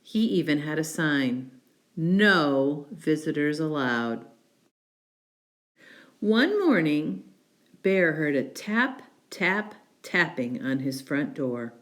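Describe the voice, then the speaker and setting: A woman reads a children's picture book aloud, taking her time over each phrase. Her pitch moves in a lively, sing-song way. She is expressive and unhurried throughout. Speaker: storybook reader. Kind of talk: children's story read-aloud.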